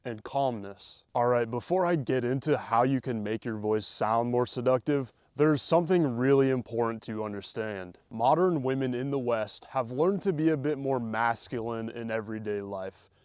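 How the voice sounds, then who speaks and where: A young man giving casual, confident dating advice straight to the listener, loose and slangy, sometimes showing how to slow his delivery down. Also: mid-range voice, darkish tone, clear, resonant tone, no echo. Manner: demonstrates slow versus rushed delivery. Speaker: dating coach. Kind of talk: direct-to-camera advice monologue.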